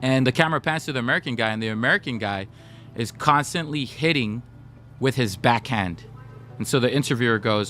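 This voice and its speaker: A man's voice: mid-range voice, brisk, fairly bright tone, faint music behind. A young man chatting casually with his stream viewers, telling stories and talking straight to the chat. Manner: chatty, storytelling, talks to chat. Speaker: gaming livestreamer.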